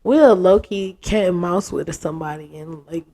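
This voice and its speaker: A woman, telling a story in a casual interview, frank and animated, acting out what others said. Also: on the low side, normal speed. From United States. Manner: animated, acts out quotes, frank and profane.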